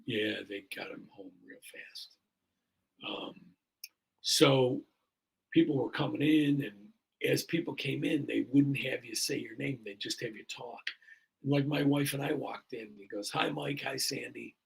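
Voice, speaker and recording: A fire chief in his sixties tells a story in a very gravelly, deeply husky voice. He talks in a casual, earnest way, wandering through fillers as he goes. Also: unhurried, rough recording. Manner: earnest, rambling with many fillers. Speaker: fire chief, podcast guest. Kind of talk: casual storytelling in a podcast interview.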